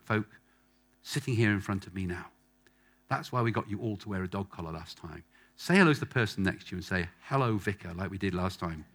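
A man preaching a sermon to a congregation in front of him, emphatic and fond of repeating phrases for effect. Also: mid-range voice. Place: church hall with a live congregation.

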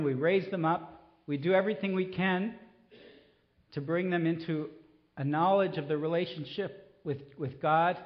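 A middle-aged man preaching a sermon, pleading and impassioned, then soft and reflective. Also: fairly high pitch, highs cut off. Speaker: pastor.

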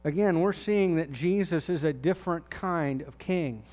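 A man's voice: on the high side, moderate pace, darkish tone. A man preaching a sermon as pastor, talking earnestly and putting direct questions to his congregation.

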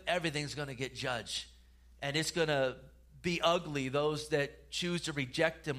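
A pastor preaching with a bright, forceful voice that sits a little high for a man. His delivery is earnest, with repeated words and restarted phrases. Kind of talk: sermon.

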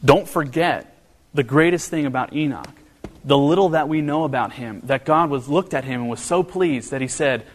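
Casting: male pastor preaching, mid-range voice, long hall reverb. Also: normal speed. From American Midwest. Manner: earnest, storytelling with humor, pitch rising when animated. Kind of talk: sermon.

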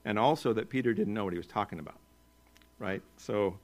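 A male pastor with an American accent preaching a sermon in a relaxed, conversational way, with joking asides and chuckles. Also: on the low side, a little fast.

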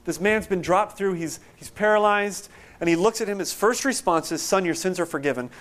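A man's voice: sits high, a little fast. Conversational man preaching a sermon. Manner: conversational, animated storytelling with acted-out quotes. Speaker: pastor.

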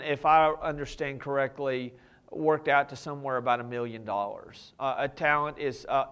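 Man, pastor, casual preaching, explains scripture. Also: mid-range voice. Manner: conversational, explains as he reads scripture. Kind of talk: sermon.

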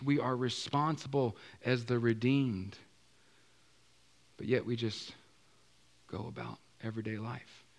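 Man preaching a casual, chatty sermon. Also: fairly high pitch. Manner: conversational, asks the congregation questions, casual slang. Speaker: pastor.

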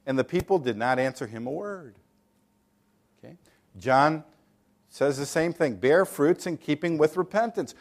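A male preacher delivering a sermon, his voice sitting a little above the usual male pitch. He presses hard with rhetorical questions and mocks careless attitudes in quoted voices. His talk is emphatic and direct. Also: lively intonation, a little slow, gravelly, long pauses.

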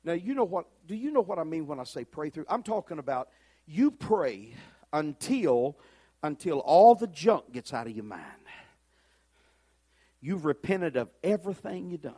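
A man preaching a fiery sermon, building to shouts and then dropping to quiet asides. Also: fairly high pitch, sing-song, normal speed.

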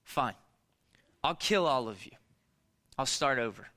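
A man voicing God as a stern, exasperated deity, dropping lower and quieter than his preaching voice. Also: expressive, a little slow. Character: weary, stern God, a male deity pronouncing judgment.

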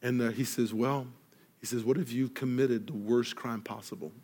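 A man preaching a sermon, telling a story and acting out each person in it, rising loud when excited and falling soft and quiet for earnest points. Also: mid-range voice, moderate pace, slightly rough. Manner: animated storyteller, acts out dialogue, grows loud in excitement. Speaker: pastor.

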